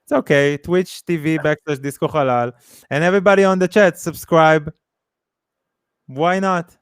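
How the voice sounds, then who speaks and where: Smooth-voiced man co-hosting a stream. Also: a little high, moderate pace, dry recording, studio quality. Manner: easygoing, loose phrasing, plugs subscriptions. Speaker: podcast co-host. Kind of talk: casual chat on a livestream.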